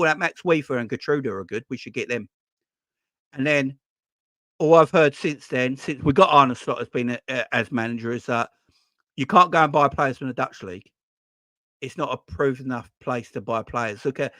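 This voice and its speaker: A man hosting a football fan channel, talking in an excitable, exasperated rant with plenty of swearing. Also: medium pitch, dry recording, clean studio sound. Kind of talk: ranting casual vlog talk.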